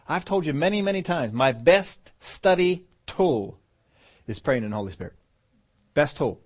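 A man delivering a sermon with a slightly higher voice than most men. He preaches with urgency, jumping from loud emphatic bursts down to quiet, low asides. He often circles back and repeats phrases for weight.

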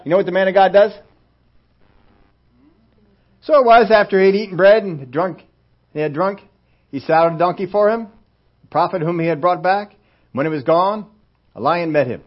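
A man's voice: high voice, a little fast, pauses often. A male pastor giving a conversational sermon in a folksy, humorous way and acting out scenes. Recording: dull lo-fi sermon recording.

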